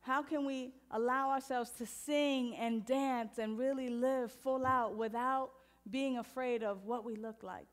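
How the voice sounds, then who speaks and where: A woman minister preaching in a high, light voice. She talks straight to her congregation in a lively, playful way and eases into a softer, slower guided meditation. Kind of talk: sermon.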